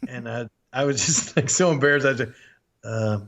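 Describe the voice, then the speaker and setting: A man's voice: medium pitch, fairly quick, gravelly. A man in his sixties with a Southern American accent, hosting a podcast and telling stories with frequent chuckles and acted-out quotes. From Memphis, USA. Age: 60s. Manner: chuckles often, animated, acts out quotes. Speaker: podcast host. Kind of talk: anecdotal storytelling. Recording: dull lo-fi podcast audio.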